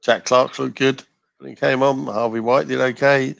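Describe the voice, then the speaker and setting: Man, co-host, relaxed football talk, dry sound. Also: medium pitch, normal speed, creaky, dry recording. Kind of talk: casual post-match football chat.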